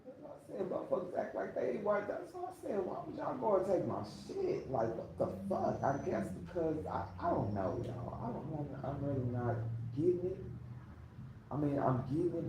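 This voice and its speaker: A man's voice: fairly high pitch, huge pitch swings, brisk, noisy background. A man ranting on a casual livestream. He rambles, swears a lot and repeats himself, speaking into a phone. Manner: rambling, profane, repetitive. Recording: echoey room.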